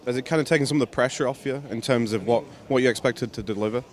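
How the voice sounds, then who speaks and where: Fast-talking male interviewer. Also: medium pitch. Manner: quick, prompting questions. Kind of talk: esports event interview.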